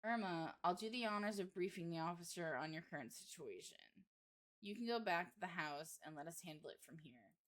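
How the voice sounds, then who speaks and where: A woman voicing a calm, in-charge small-town male sheriff in a horror game, read plainly without a put-on accent. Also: a little high, brisk. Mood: authoritative.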